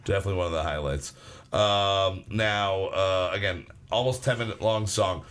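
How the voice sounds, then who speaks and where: Low-voiced man in casual podcast banter. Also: normal speed, a bit bright, clean tone. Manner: loose, swearing, chatty with restarts. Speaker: podcast co-host.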